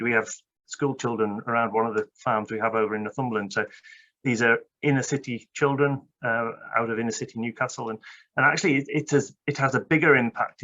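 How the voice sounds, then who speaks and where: A man from Britain moderating a webinar panel, chatty and brisk with many fillers. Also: mid-range voice, sharp tone. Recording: dull lo-fi webinar audio.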